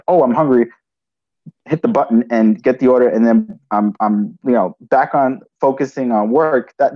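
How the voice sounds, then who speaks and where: A man's voice: medium pitch, dark tone, muffled recording. A man telling a personal story in conversation, restarting often and adding "right?" as he goes. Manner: halting, frequent restarts and "right?" tags.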